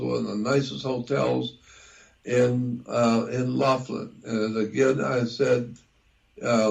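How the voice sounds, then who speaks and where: An older American man talking slowly in a casual conversation, repeating himself and spelling words out. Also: mid-range voice, vocal fry, darkish tone, low-quality recording. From United States. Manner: slow and repetitive, spells words out. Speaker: talk show guest. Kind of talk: casual radio-style conversation.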